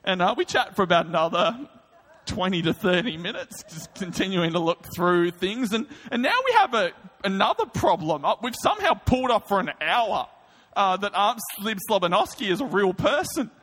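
A man preaching a sermon, telling a comic story in an animated way with quick asides. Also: high voice. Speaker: pastor. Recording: reverberant hall.

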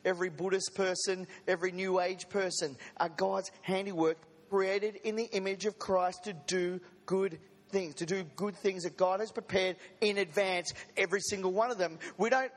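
A man's voice: sits high, fairly even intonation, normal speed, in a large hall. A man preaching a sermon to a congregation, in a conversational manner with joking asides. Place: church service.

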